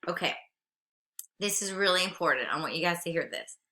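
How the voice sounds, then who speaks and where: A woman's voice: fairly low pitch, expressive, brisk, pushed and bright. A woman instructor giving a recorded lecture, reading regulations aloud and then explaining them plainly to her students. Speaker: aviation instructor.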